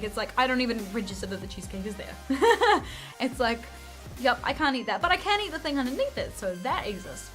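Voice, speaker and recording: A young woman talks to camera in a loose, chatty vlog, telling stories and acting out other people's lines as she goes. Her voice sits a little high, with faint music playing under her. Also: expressive, fast talker. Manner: chatty storytelling, acts out quotes with bright swings. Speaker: vlogger. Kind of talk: casual chat to camera.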